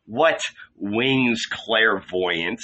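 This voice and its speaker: A man voicing a malicious, mocking male spirit in a slow, taunting way. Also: on the low side, pushed and bright, highs cut off, exaggerated voice.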